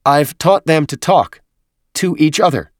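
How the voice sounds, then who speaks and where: A man voicing a gentle, eager floating alien creature, earnest and matter-of-fact in an audiobook. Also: fairly high pitch, unhurried, no room sound, studio quality, voice pushed up, natural voice.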